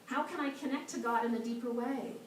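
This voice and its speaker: A woman minister giving a storytelling sermon in a church, soft and slow at times. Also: high voice, steady tone. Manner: soft, slow and meditative at moments. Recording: echoey hall from a far mic, faint noise.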